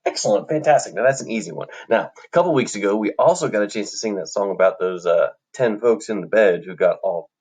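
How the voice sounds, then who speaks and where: An upbeat male music teacher leads an online lesson, encouraging and chanting rhythm syllables for his students. His voice sits a little low and has a husky edge. He is recorded on a computer microphone indoors. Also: animated, fast talker, hardly any pauses, darkish tone.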